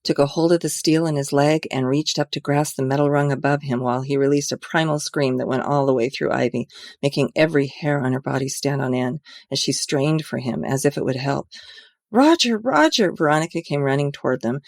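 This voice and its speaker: A woman's voice: rumbling low, fairly even intonation, brisk, darkish tone, dry recording. A woman author reading her own mystery novel aloud in an earnest, amateur way.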